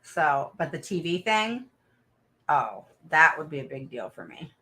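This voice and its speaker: Chatty low-voiced middle-aged woman. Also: very animated, measured pace, sharp tone. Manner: chatty, storytelling, laughs often, talks to viewers. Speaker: autism parent advocate livestream host. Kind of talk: casual livestream chat.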